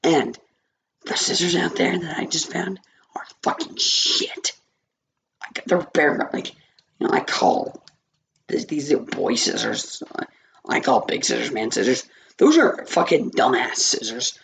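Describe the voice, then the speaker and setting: A man's voice: on the high side, animated, a little slow, a bit bright. A man with a scratchy voice giving a rambling, easily distracted movie review, swearing often. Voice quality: scratchy, gravelly voice.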